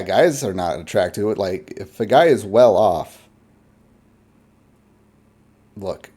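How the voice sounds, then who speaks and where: Man commentator, low mellow voice, lively swings, blunt rambling reactions.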